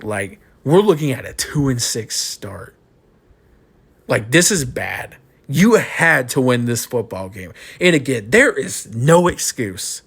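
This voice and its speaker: A man's voice: medium pitch, very animated, slow pace, gravelly, fairly bright tone, husky. A young man giving a frustrated postgame rant as a college football fan, repeating himself and ranting.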